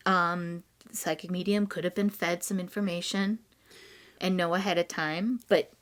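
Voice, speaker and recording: A woman co-hosting a casual chat, talking in a hesitant, soft-spoken way. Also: lowish voice, fairly even intonation, moderate pace. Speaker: co-host.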